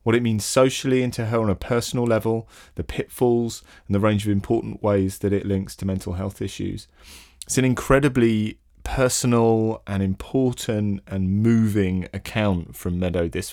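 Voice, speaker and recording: A man's voice: lowish voice, a little mellow, no room sound, studio quality. A man hosting a podcast, introducing a guest in a loose, wry way with many ums. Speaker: podcast host.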